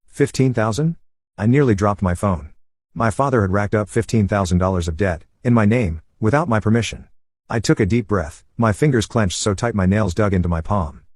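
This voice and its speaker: Man, low husky voice, even storytelling delivery, dry close voice-over. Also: a little fast, no room sound. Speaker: narrator. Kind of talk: first-person story narration over gameplay.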